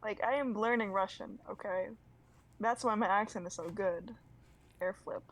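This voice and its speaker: A woman's voice: mid-range voice, normal speed, poor audio. A woman co-hosting a casual review chat, giggly, mostly giving short replies. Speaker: podcast co-host.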